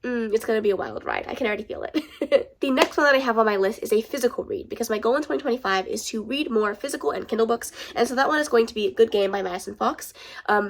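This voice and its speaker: A woman's voice: medium pitch, gravelly. A woman with a stuffed-up nose, chatting casually and gushing as a book vlogger, swearing now and then. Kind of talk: casual chat.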